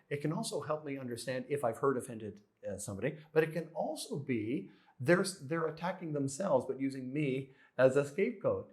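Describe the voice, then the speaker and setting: Lively earnest male self-help speaker. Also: medium pitch. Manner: earnest, repeats phrases, rhetorical questions. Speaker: motivational speaker. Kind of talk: spiritual self-help talk.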